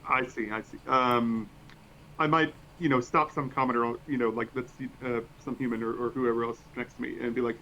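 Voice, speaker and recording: A man's voice: medium pitch, steady tone, fairly quick, sharp tone. A man playing a tabletop game, eager and thinking aloud with lots of fillers. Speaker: player. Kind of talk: casual tabletop game chat. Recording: dull lo-fi mic, faint hiss.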